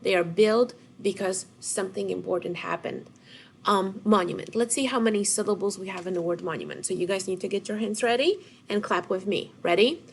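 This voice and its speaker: A woman's voice: mid-range voice, brisk, gravelly, slight background noise. Patient woman teaching children. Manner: encouraging, patient, speaks directly to students. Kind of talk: recorded classroom lesson for children.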